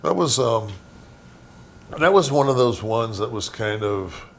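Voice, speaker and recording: A man recalling old friends in a halting, reflective way, swearing often. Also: medium pitch, lively intonation, gravelly, a little hiss or hum. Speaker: wrestling guest recalling stories. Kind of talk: casual storytelling.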